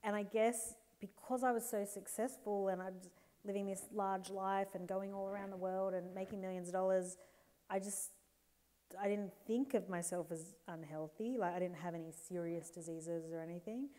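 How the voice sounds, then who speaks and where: On a live stage, an Australian woman in her forties appears as a guest author, sharing candid, animated stories. Her pitch is medium and her speed normal, and she laughs and slips into playful voices.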